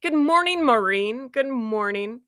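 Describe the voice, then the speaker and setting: A woman from Canada hosting a casual livestream from home, chatty and self-deprecating, greeting viewers by name in a loud voice. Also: on the high side, lively intonation, measured pace, no room sound, clean studio sound. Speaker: livestream host. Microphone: desk microphone.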